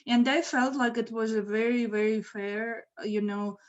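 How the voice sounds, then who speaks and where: A woman telling a true story in a casual, animated way, laughing now and then, over a video call. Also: a little high, normal speed, muffled recording. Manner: lively, animated, laughs mid-sentence. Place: home, virtual event.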